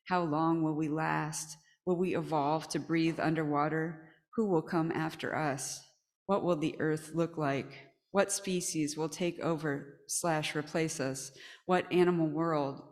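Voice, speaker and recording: A woman at a live reading, reciting a long list of questions in a flat, measured, deadpan way. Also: low voice. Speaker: performer at a reading. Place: gallery reading event. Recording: long hall reverb.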